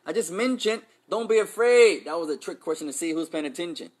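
A man's voice: fairly high pitch, animated, a little fast, darkish tone, breathy edge. A man teaching an Islamic class, switching between Arabic and English, quizzing his students and joking with street slang. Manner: playful, street slang mixed in.

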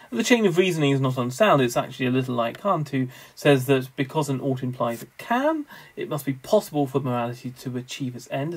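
A man lecturing on theology in a measured, scholarly way, with the odd wry aside. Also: medium pitch, gravelly, darkish tone, breathy edge, poor audio.

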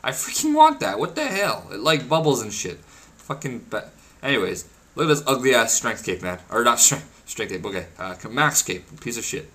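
A young man giving casual, crude gameplay commentary, excitable and quick to swear. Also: medium pitch. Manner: excitable and crude, swears often, laughs and shouts at wins. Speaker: gaming video creator.

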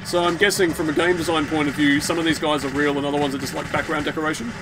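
A man giving casual, jokey commentary while playing a video game, excitable and sweary. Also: a little high, racing, noisy background. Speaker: let's play gamer. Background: game music and sounds.

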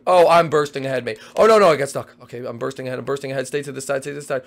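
A young man hosting a Minecraft race role-play, excitable and shouty, switching between characters. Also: medium pitch, racing, gravelly. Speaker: game host.

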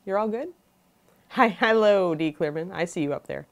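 A woman's voice: on the low side, lively intonation, normal speed. Chatty woman hosting a livestream. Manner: chatty, greets chatters one by one. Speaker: host of a miniature painting livestream. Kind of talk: casual livestream chat.

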